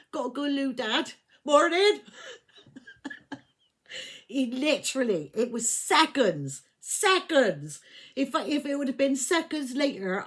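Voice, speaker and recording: A woman's voice: sits high, a bit bright. Fifties English woman, tarot reader, rambling anecdote delivery, giggly and frank. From England. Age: 50s. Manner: chatty, laughs often, swears, loses track of dates. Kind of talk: casual storytelling.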